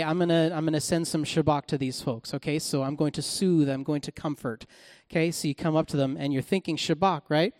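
A woman preaching a sermon and reading scripture aloud. She delivers it animatedly and swings from soft, quiet speech to shouting. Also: on the low side, no echo, clean studio sound. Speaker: Bible teacher.

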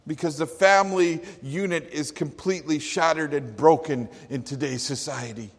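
A man's voice: fairly high pitch, normal speed, gravelly. A man preaching a sermon in an earnest, emphatic manner. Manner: earnest, emphatic, with acted quotes. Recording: long hall reverb.

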